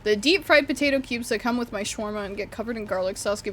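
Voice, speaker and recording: A woman's voice: medium pitch, quick pace, hardly any pauses, faint music behind. A young woman streaming from her room, chatting casually, rambling, swearing freely and cutting off words. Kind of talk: casual livestream chat while drawing.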